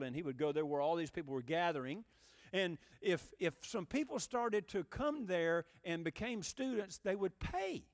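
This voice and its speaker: High-voiced man preaching a conversational sermon. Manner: conversational, emphatic, asks the listeners direct questions. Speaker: pastor.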